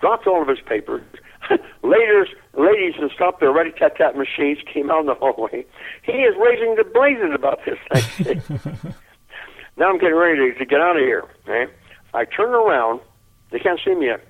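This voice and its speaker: A man's voice: on the high side, normal speed. Chuckling older man over a tinny line. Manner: lively, chuckling, repeats words. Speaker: interview guest. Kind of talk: anecdotal storytelling.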